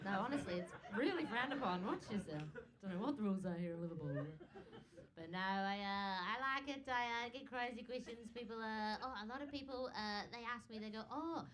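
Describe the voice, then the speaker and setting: A young woman from New Zealand with a New Zealand accent and an unusually high, squeaky voice, doing a stand-up set in a comedy club and laughing often between jokes. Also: normal speed, fairly bright tone.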